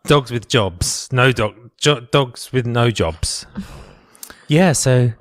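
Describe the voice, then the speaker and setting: A man's voice: mid-range voice, expressive, takes it slowly, no room sound, clean studio sound. A man co-hosting a comedy podcast, playful and joking. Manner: playful, joking, breaks into silly voices. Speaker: podcast co-host. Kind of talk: casual comedy podcast chat.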